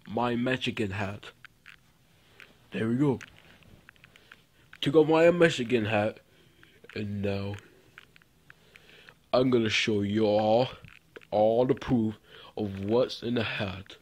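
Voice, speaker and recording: A man's voice: mid-range voice, slow, long pauses, a little mellow. A man improvising a toy puppet skit, rambling and repetitive, with many fillers. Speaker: puppet show performer.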